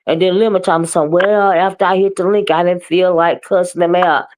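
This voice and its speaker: A woman hosting a casual live-stream gossip show, talking in a sassy, emphatic, drawn-out way. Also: lowish voice, steady tone, darkish tone. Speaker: live-stream commentary host.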